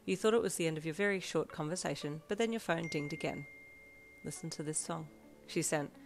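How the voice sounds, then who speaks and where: A woman reading a fanfiction story aloud in the second person, calm and even, as a storyteller. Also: sits low. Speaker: fanfiction reader. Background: soft backing music.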